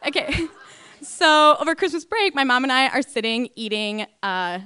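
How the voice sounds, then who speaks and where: A woman's voice: high-pitched, expressive, moderate pace, pushed and bright, clean tone, dry recording, studio quality. A young woman from North Dakota telling a funny personal story on stage, laughing often at herself. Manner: giggly, self-mocking, lots of laughing asides.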